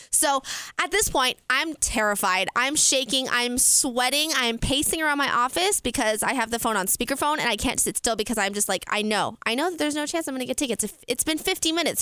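A young woman telling a story casually, animated and laughing often, with a lot of "like" in her talk. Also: sits high, smooth, no echo. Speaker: podcast host.

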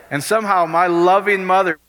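A middle-aged man preaches with a forceful, bright edge. He talks animatedly and keeps checking in with the crowd. His voice rings out with a long hall reverb. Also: high voice. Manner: animated, keeps asking the crowd if it makes sense. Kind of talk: sermon.

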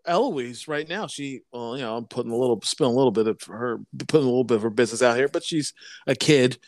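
A man in his thirties co-hosting a casual podcast, who talks in halting bursts and keeps repeating words and restarting his sentences. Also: medium pitch, no room sound. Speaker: podcast co-host.

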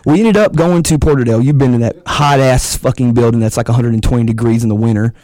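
Fast-talking man telling stories. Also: medium pitch, dry recording. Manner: fast, profane, animated storytelling. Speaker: wrestler guest. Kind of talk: casual podcast storytelling.

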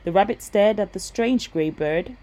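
A woman reading a bedtime story aloud in a gentle, steady voice. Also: mid-range voice, moderate pace, poor audio.

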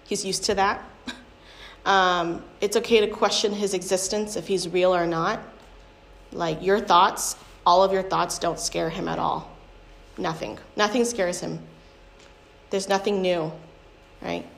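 A woman's voice: fairly low pitch, steady tone, a little slow, creaky. A young adult woman giving a candid, conversational personal testimony, often using fillers as she talks. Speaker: speaker sharing a testimony. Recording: echoey room with faint ambient noise.

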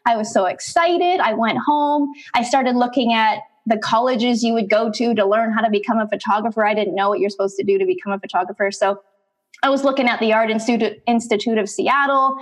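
A middle-aged woman, an interview guest, telling her life story in conversation, animated and acting out bits of past dialogue. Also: on the high side, a little fast.

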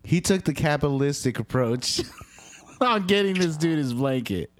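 A man's voice: fairly high pitch, animated, normal speed. A man in casual conversation, blunt and argumentative. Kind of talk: casual chat.

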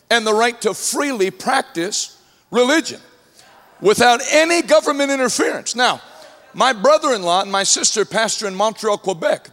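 A man with a high voice delivers a sermon, trading jokes and stories with a congregation. He builds from easy storytelling to ringing shouts. His voice rings out under a long hall reverb. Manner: humorous storytelling, rising to shouts. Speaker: preacher.

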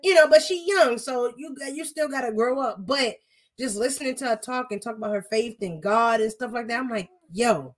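A woman's voice: fairly high pitch, a little fast. A young woman talking in casual podcast chat, blunt, profane and emphatic.

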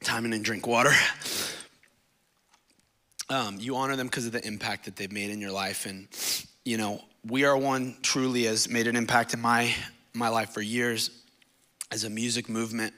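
Bright-voiced emotional young preacher. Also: male voice, medium pitch, steady tone, normal speed, long pauses. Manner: emotional, rambling, tearful at times. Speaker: guest preacher. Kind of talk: sermon. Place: church stage.

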